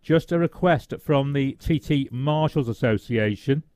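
A man's voice: medium pitch, darkish tone, no echo. A man co-commentating on a motorbike race for radio, rattling through finishers and reading out notices. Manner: fast, reels off finishers and notices.

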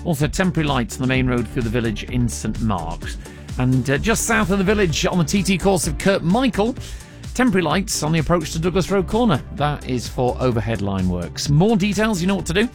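A man's voice: on the high side, big pitch swings, brisk, faint music behind. A man presenting local radio, chatting casually and reading travel news with a joking manner. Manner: chatty, jokey, with many ums. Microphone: studio microphone.

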